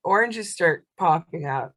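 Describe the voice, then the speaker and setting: Woman, lowish voice, slow unhurried delivery, soothing, casual self-help talk, video call. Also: expressive, fairly bright tone, poor audio. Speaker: co-host.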